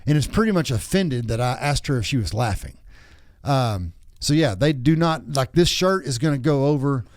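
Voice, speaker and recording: A man's voice: medium pitch, animated, normal speed, no room sound. Man, podcast host, rambling storyteller, crude humor, dry close sound. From Texas. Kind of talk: casual chat.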